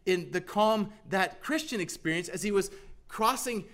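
A man preaching a sermon, earnest, moving from loud emphatic lines to hushed, almost whispered ones. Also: high voice, lively intonation, normal speed.

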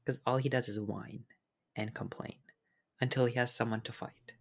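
Casual co-host, mid-pitched, sarcastic and teasing, blunt delivery. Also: fairly even intonation, moderate pace, husky. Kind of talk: casual chat.

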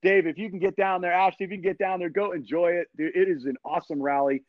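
A man's voice: high-pitched, steady tone, quick pace, dry recording. A man guest on a podcast, telling a story energetically in laid-back slang with frequent restarts. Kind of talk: animated storytelling. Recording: dull, dry lo-fi sound.

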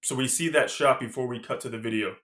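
A man's voice: medium pitch, fast, fairly bright tone. A man co-hosting a podcast, talking about a film in a laid-back, blunt way and swearing casually. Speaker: podcast co-host. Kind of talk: casual film review chat.

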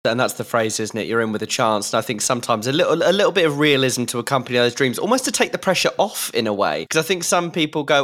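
Male podcast host, mid-pitched voice, thoughtful, probing. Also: animated, fast talker, hardly any pauses, a bit bright. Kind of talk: interview podcast.

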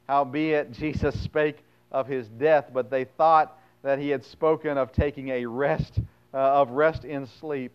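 A man preaching a sermon, reading scripture aloud and then retelling it bluntly in plain words, with sudden swings between loud emphasis and quiet asides. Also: mid-range voice, fairly even intonation, unhurried, clean tone, lo-fi sound. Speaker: pastor.

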